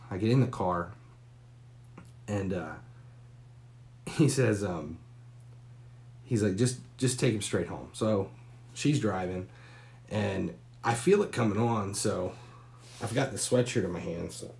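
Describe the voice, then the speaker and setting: A man in his forties with a deep, low, creaky voice and a darkish tone tells a long personal story on a live stream. He speaks casually and bluntly, swearing freely, and draws the story out with pauses and filler words.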